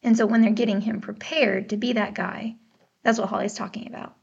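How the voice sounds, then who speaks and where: A woman's voice: medium pitch, steady tone, fairly quick, gravelly, slightly rough. An American woman co-hosting a book podcast, in a casual, chatty discussion, laughing often and unsure over pronunciations. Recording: dull lo-fi podcast mic.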